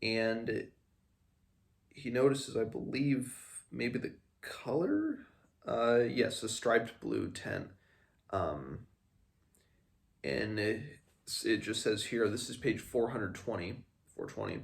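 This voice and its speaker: Gravelly man chatting about a novel. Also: mid-range voice, sing-song, slow, long pauses. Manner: rambling, with fillers, self-corrections and laughs. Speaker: podcast host. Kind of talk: casual book discussion.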